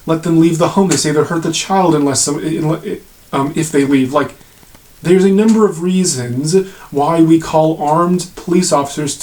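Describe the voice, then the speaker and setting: Man, fairly high voice, sarcastic video rant, blunt and profane. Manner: sarcastic, blunt, swears freely. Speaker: video commentator. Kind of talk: ranting commentary to camera.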